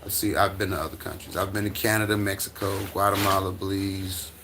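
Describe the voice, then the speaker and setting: A middle-aged American man with a low, level voice talks fairly quickly over a noisy background. He's hosting a casual livestream from home with his dog, reading chat and rambling through answers with stammers, restarts and chuckles.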